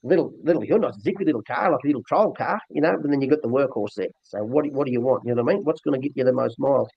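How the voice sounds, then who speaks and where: A man's voice: medium pitch, rapid-fire, gravelly, breathy edge, dry recording. An older man with an Australian accent, a dog trainer talking bluntly and rambling earthily in a casual interview. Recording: dull lo-fi dry recording.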